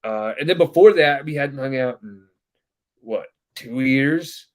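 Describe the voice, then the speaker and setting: A podcast host with a medium-pitched, somewhat mellow voice speaks at a measured pace, telling a long family story in casual chat. He rambles with many fillers and acts out the voices of the people he quotes.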